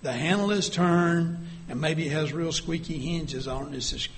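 A man preaching a sermon, reading scripture aloud and dropping to a hush for vivid scenes. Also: a little high, normal speed.

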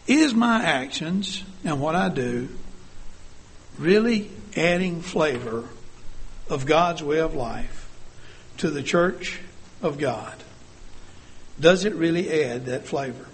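A man's voice: a little high, lively intonation, slow, pauses often, slight background noise. An older man delivering an earnest sermon, asking the congregation many rhetorical questions. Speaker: church speaker.

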